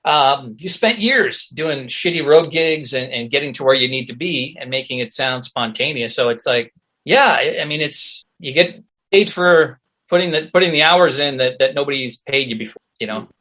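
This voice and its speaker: Bright-voiced middle-aged man telling stories. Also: medium pitch, normal speed. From Canada. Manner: animated storyteller who acts out quoted voices. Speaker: guest actor and comedian. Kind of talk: casual anecdote telling.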